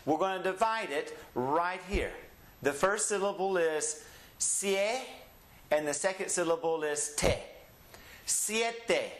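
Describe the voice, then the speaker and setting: A man's voice: sits high, lively intonation, a bit bright, reverberant. A man with a Southeast Texas accent teaching a Spanish lesson, drawing out each word and having learners repeat after him. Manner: slow, drawn-out enunciation with call-and-repeat drills. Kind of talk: classroom-style language lesson.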